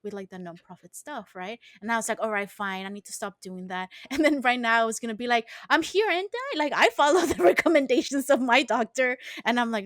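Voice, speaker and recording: A woman's voice: medium pitch, no room sound, clean studio sound. A young woman co-hosting a casual podcast chat, giggling often and full of "like" fillers. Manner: giggly, animated, many "like" fillers. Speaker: podcast co-host.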